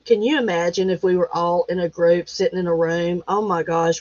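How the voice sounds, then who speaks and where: A middle-aged woman hosting a livestream, chatting casually with viewers and reading their comments, affectionate and quick to laugh. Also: on the low side, fairly even intonation, darkish tone, no echo, dull audio. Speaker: livestream host.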